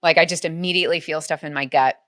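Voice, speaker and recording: Woman on a podcast telling a story, lots of "like", bright tone. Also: deep voice, steady tone, fast. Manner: earnest, heavy use of "like" as filler. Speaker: podcast guest. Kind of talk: storytelling in conversation.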